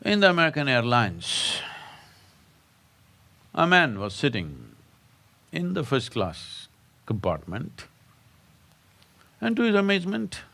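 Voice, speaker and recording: Slow, lively-voiced spiritual teacher. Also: male voice, on the high side. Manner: rhetorical, prods listeners with questions; storytelling with jokes. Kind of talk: satsang talk.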